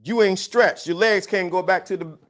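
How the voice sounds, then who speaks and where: Livestream host, male, high voice, blunt and preachy, slangy with a teasing edge. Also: normal speed. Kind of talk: casual opinion rant to a live chat.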